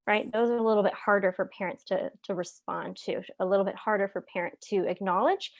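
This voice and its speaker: A woman's voice: medium pitch, steady tone, brisk, few pauses. A woman therapist presenting a parenting webinar in a conversational way, with many "um"s and frequent "right?" check-ins.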